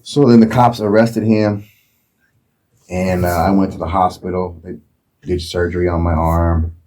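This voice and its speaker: A man from Oakland, California, telling a profane, animated story as a guest in a casual interview. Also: sits low, a little slow. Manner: profane, animated retelling with acted quotes.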